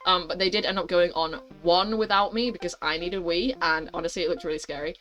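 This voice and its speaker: Young woman, gaming channel host, reads story game aloud, chatty asides, giggly, quick, faint music behind. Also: on the low side, low-quality recording. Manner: animated, rambling, giggly storyteller.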